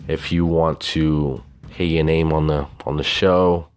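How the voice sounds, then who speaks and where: A man's voice: a bass voice, steady tone, measured pace, clear, resonant tone. A man hosting his own podcast in a casual, rambling, boastful and profane way, with a Southern US twang. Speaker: podcast host. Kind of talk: casual solo podcast talk.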